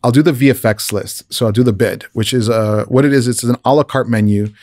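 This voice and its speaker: A man's voice: brisk, darkish tone, no room sound, studio quality. Man telling a story with quoted dialogue. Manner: retells conversations, often raising his pitch for the quoted speakers; frequent restarts and repeated words. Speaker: visual effects artist telling a career story. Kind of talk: casual personal anecdote.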